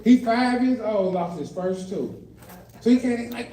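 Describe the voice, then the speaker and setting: A man's voice: high voice, normal speed, mellow, a little hiss or hum. An older man doing a stand-up comedy set, telling family stories and acting out the voices of kids and of himself, with a live audience in the room. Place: adult day center, indoors, live audience. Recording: roomy live room, mic at a distance, crowd laughter.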